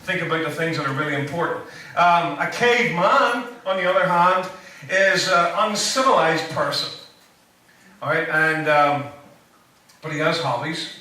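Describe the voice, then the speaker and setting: A preacher man with a bright, ringing voice gives a loose, joke-filled sermon full of ums and asides. He sounds a little off the mic, and his voice bounces around a very echoey church hall. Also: a little high, moderate pace. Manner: rambling, joking asides, many fillers. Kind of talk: casual sermon. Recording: echoey room, voice from a distance.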